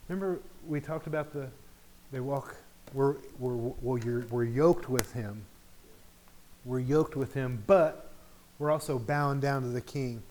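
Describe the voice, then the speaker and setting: A man's voice: medium pitch, darkish tone. A middle-aged man teaching an informal Bible study in a conversational way, often checking in with the group.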